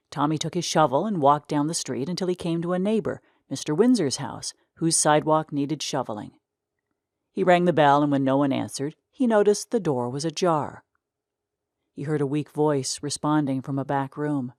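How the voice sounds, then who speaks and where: A woman with a low voice narrating a short story in a measured, even manner. The recording is close and dry, with no room sound. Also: dry recording. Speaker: reader.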